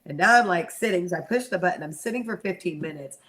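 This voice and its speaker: This middle-aged woman talks fast in a lowish voice. She's a guest in an interview, telling a personal story with animation and acting out the voices she quotes.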